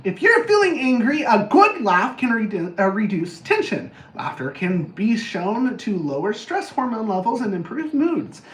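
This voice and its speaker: A man's voice: high-pitched, big pitch swings, normal speed, hardly any pauses, fairly bright tone. A man coaching on anger in a casual, blunt monologue, swearing freely and joking at his own expense. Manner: blunt, profane, jokey, self-mocking. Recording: roomy echo, faint background noise.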